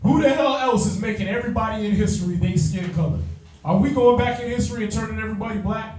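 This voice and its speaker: A man leading an informal Bible study, speaking in a slangy, sarcastic, animated way. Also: high-pitched, quick pace. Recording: echoey room, mic at a distance.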